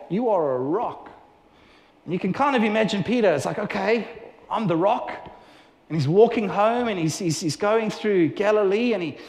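Male preacher, fairly high voice, animated storyteller; roomy hall reverb. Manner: animated storytelling with acted-out dialogue. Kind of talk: sermon. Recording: echoey hall with long reverb.

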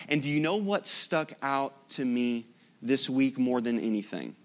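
A man's voice: medium pitch, lively intonation, measured pace. A man preaching a sermon as pastor, emphatic, with rhetorical repetition.

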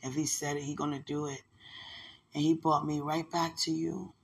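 A young woman, talking affectionately and religiously to her partner and breaking into lively, laughing storytelling. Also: low voice, moderate pace, creaky, a little hiss or hum. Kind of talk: casual emotional chat.

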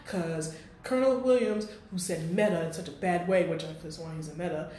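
A woman's voice: lowish voice, fairly quick, mellow, slight background noise. A woman co-hosting a casual podcast, sarcastically recapping a TV episode and mocking the characters' lines. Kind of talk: casual chat. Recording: very echoey room.

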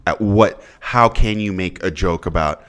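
Man, very deep voice, casual podcast chat, rambling, emphatic bursts. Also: a little slow, fairly bright tone, clear, resonant tone. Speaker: podcast co-host.

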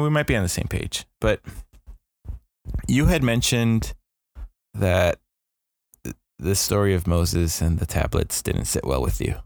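Man, low-ish gravelly voice, slow and deliberate; reflective conversational partner. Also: dry recording, studio quality. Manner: slow, thoughtful, restarts as he reasons aloud. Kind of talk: casual discussion of scripture.

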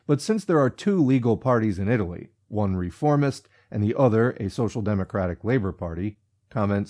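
Guy reading a political audiobook, kinda low mellow voice, slow emphatic delivery, says "quote" out loud. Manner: emphatic, deliberate reading with spoken quote marks. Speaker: audiobook narrator. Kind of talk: reading a political text aloud with comments.

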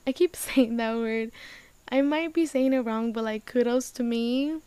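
A young woman with a smooth, clear voice sitting close to the mic in a dry, deadened space. She rambles through her feelings with constant fillers and casual swearing, on the edge of tears. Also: a little high, unhurried, warm tone, no room sound. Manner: rambling, emotional, heavy use of "like", swears casually. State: tearful. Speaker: vlogger. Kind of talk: casual personal talk to camera.

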